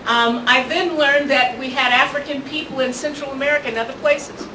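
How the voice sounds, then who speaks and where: A woman's voice: sits high, fairly even intonation, a little fast, pushed and bright. Woman guest speaker telling her story earnestly, far off mic, noisy background. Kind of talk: public speech. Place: event venue with audience ambience. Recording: echoey, distant mic, noisy room.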